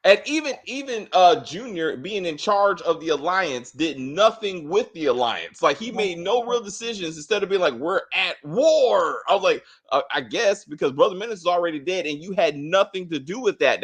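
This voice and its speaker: A man co-hosting a casual spoiler review of a TV drama, talking in a blunt, animated way, cursing freely and restarting his sentences often. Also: sits high, fairly quick, hardly any pauses. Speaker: TV show reviewer, co-host.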